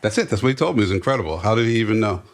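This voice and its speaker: A man telling a comic story in a deadpan voice on a podcast and repeating himself for effect. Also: fairly low pitch, rapid-fire.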